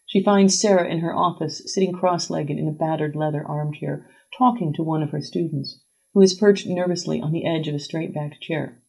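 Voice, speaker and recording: A woman reading a literary story aloud as a scripted narration, measured and even. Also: low-pitched, gravelly, breathy edge, rough recording.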